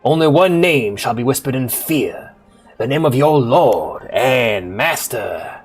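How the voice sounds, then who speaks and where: A man putting on a slow, drawling preacher voice for a grandiose male necromancer lord reading a sermon. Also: mid-range voice, animated, husky, soft background music. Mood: menacing.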